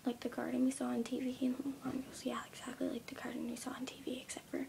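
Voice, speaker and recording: A young woman in her teens retelling a story in a casual vlog, speaking softly and often near a whisper, with many ums. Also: sits high, completely flat delivery, fast, vocal fry, very noisy. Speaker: vlogger.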